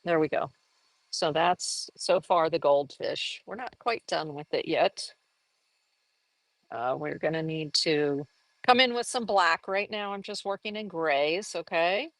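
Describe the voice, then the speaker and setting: A lower-pitched woman talks her way through a live painting lesson in a chatty, upbeat manner, breaking into laughs and sudden high exclamations. Her voice sits close and dry, with no room sound around it. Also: a little slow, a bit bright, no room sound, rough recording. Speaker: art teacher.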